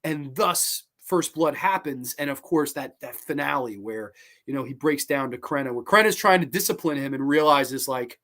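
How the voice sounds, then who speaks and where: Enthusiastic, rambling male film reviewer. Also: on the high side. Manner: excited, rambling, swears freely. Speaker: movie review host. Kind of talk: casual film commentary.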